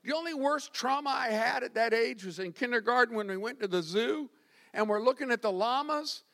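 A man's voice: extremely high pitch, lively intonation, a little fast, creaky, a bit bright. A male pastor from Florida preaching a sermon, telling stories animatedly with self-deprecating humor.

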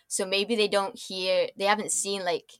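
A woman's voice: mid-range voice, little pitch movement, unhurried, clear, resonant tone, dry recording, clean studio sound. A woman in her twenties with a mixed accent that is often taken for American, chatting casually in an interview, laughing often and talking in loose, restarting sentences. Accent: mixed, often taken for American or Canadian. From born in Dubai, raised in Scotland. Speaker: guest, designer.

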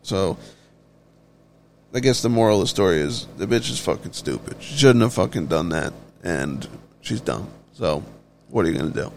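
Gravelly, foul-mouthed man ranting. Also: sits low, expressive, normal speed, a little hiss or hum. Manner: blunt, heavily profane, offhand. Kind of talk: casual ranting monologue.

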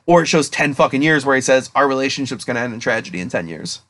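A young man co-hosting a casual podcast, rambling excitedly and swearing constantly as he retells a story. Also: medium pitch, fast. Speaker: podcast co-host. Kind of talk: casual chat.

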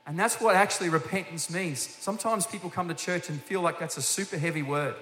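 A man's voice: sits high, fast, hardly any pauses, pushed and bright. A man preaching a sermon as guest minister, telling stories with energy and putting direct questions to the congregation. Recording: echoey hall with faint hiss.

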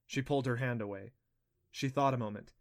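A man reads an audiobook script at a slightly quick clip, his delivery steady and storyteller-like. The voice is even and neither high nor low.

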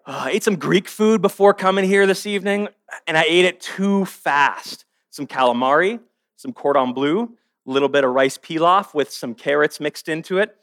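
A man giving a sermon at a church service to a live audience. He jokes with the crowd and then preaches earnestly, swinging between hushed and forceful. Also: on the high side, normal speed, no echo. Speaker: guest speaker.

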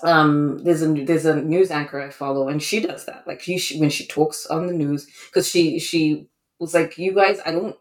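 A speaker in a podcast conversation, talking in a relaxed way and often repeating words while restarting. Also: medium pitch, normal speed. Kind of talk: casual conversation.

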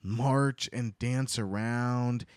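A man's voice: medium pitch, fairly even intonation, a little mellow, clear, resonant tone, no room sound. A man co-hosting a podcast, casually retelling a book's plot and acting out the characters' lines. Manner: retells plot with quick acted-out quotes. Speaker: podcast co-host. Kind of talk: casual book-recap chat.

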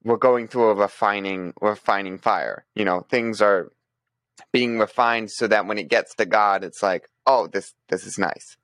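Male podcast co-host, low dry voice, casual and rambling delivery. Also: fairly even intonation, normal speed, a bit bright, no echo. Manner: thinks aloud, frequent restarts and fillers. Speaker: podcast co-host presenting news.

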